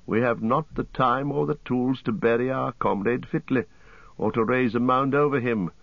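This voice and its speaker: A man's voice: medium pitch, moderate pace, gravelly, no room sound, muffled recording, voice pushed up, close to an everyday voice. A man voicing a grieving male elf archer, speaking in an earnest, solemn way. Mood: resolute.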